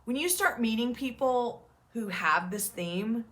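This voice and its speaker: A woman's voice: fairly high pitch, expressive, a little slow, fairly bright tone. A woman in her thirties, an OCD peer support advocate, talking straight to her viewers in an earnest, reassuring and emphatic way. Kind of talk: direct-to-camera talk.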